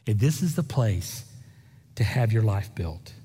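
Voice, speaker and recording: A pastor preaching a lively sermon, full of jokes and quick asides to the congregation. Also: male voice, fairly low pitch, slightly rough. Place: large church hall. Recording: echoey hall, from far off.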